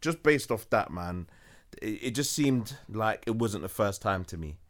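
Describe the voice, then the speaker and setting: A man's voice: on the low side, expressive, measured pace. A young man in casual podcast chat, easygoing, often repeating words as he starts.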